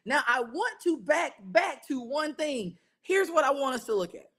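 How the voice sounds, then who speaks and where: A man's voice: very high-pitched, moderate pace, hardly any pauses. A man teaching an interactive Bible study, keeping check on his listeners with frequent "right?" and leading call-and-response. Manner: energetic, keeps checking in with listeners.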